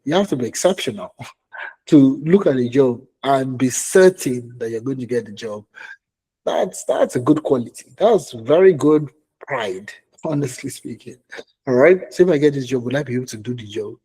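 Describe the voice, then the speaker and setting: Nigerian guy coaching job seekers, dark husky voice, keeps asking okay?. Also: mid-range voice, lively intonation, moderate pace. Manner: conversational, repeats points, asks "okay?" often. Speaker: career coach. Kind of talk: live online coaching session.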